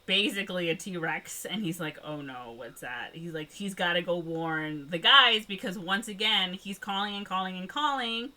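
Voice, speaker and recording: A woman's voice: mid-range voice, moderate pace, few pauses, bright, forceful tone. A woman co-hosting a podcast, casually retelling a movie plot in a rambling way full of "like" and "um". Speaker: podcast co-host. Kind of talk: casual movie recap chat.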